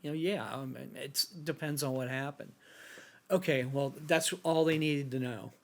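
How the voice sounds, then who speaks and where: A middle-aged man telling a personal account on a podcast, halting and restarting often as he quietly retells something painful. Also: medium pitch. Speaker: bereaved father and guest.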